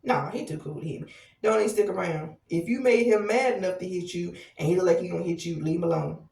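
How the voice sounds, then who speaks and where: A woman's voice: on the low side, fast talker, vocal fry, darkish tone. A woman hosting a podcast, speaking in a frank, candid personal monologue, swearing freely and asking "right?". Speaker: podcast host. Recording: echoey room, voice off-mic.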